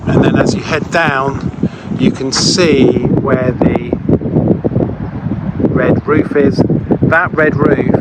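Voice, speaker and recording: A man outdoors on a hillside, deliberately pointing out the landscape as he explains. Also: medium pitch. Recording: loud wind noise outdoors.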